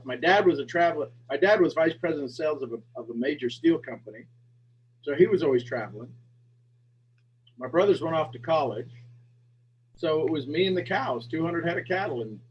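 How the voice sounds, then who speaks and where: Guy hosting a call, kinda higher voice, laughs a lot, dull lo-fi sound w faint hum. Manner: laughs often, grows emotional and quiet. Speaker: host. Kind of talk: casual group call talk.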